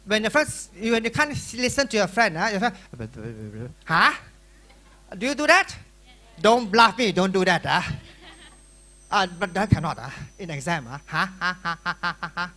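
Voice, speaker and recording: In a school hall, a woman with a Malaysian English accent lectures students at an exam-prep workshop. She's animated and playful, acting out chatter with sound effects. Her pitch is medium and her speed normal.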